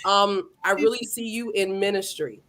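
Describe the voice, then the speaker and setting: A middle-aged woman hosting a casual livestream interview, lively and playful, talking straight to her viewers. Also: medium pitch, normal speed, a crowd in the background. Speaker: host.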